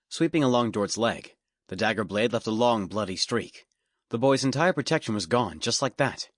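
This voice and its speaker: A man narrating a fantasy audiobook in a steady, measured storytelling manner. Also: lowish voice, no echo, clean studio sound. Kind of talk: scripted narration. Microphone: studio microphone.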